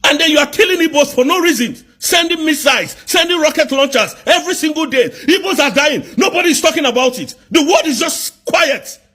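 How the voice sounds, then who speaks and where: Angry high-voiced Nigerian man ranting. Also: lively intonation. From southeast Nigeria. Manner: angry, accusatory, rapid rhetorical questions, bursts of shouting. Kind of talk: angry live political rant.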